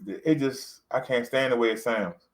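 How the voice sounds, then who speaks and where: A man's voice: mid-range voice, unhurried, rough recording. A man, talking to camera in a loose, rambling vlog, full of fillers and repeats. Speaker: vlogger. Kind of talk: casual talk to camera.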